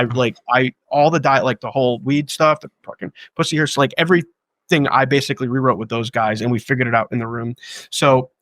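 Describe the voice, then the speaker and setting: Brief: fast, profane man, animated storyteller, dry sound. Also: mid-range voice, no echo. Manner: fast, profane, acts out quotes of others. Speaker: guest filmmaker. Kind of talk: casual anecdotal storytelling.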